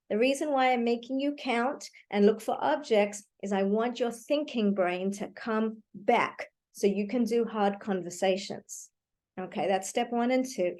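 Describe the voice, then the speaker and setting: A woman giving a live online talk to parents, teaching calming techniques in a warm, reassuring way and checking in often with "okay". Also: a little high. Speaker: parenting educator. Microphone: computer mic on a video call.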